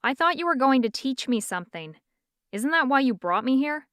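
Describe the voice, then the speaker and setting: A woman's voice: high voice, sing-song, normal speed, a bit bright, no echo, studio quality, voice pushed up. Woman doing a hot-tempered young witch. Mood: indignant. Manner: indignant, spluttering.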